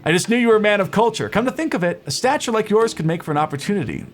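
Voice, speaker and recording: A man's voice: high voice, lively intonation, rapid-fire, slight background noise, voice pushed up. A man voicing a friendly male dwarf inventor in a role-playing game, reading the lines aloud in an amiable, chatty way.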